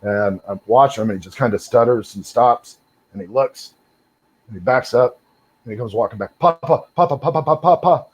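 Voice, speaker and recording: A man's voice: lowish voice, normal speed, a little mellow, husky. A middle-aged man, a guest on a call, telling his story casually and rambling, with lots of fillers and repeated words. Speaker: guest sharing encounters.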